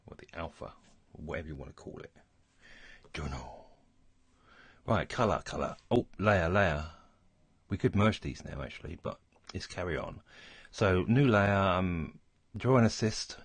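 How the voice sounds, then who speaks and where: A man's voice: deep voice, measured pace, husky, dry recording. A man hosting a casual drawing tutorial, muttering and thinking aloud as he works. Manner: relaxed, mutters and thinks aloud while working. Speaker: art tutorial host.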